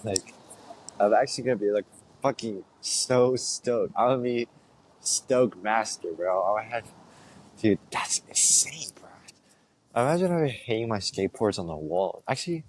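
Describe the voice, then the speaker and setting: A man's voice: fairly low pitch, expressive, a little slow, slight background noise. A young man hosting his own podcast, talking in a casual, rambling monologue that is laid-back and slangy, full of filler words. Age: young adult. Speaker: podcast host.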